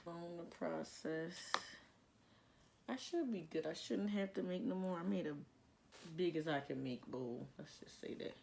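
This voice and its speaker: Young woman, hair care vlogger, gravelly, slow, casual tutorial chat, faint background hiss. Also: on the low side, mellow. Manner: chatty and self-mocking, jittery with nerves. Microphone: plugged-in microphone.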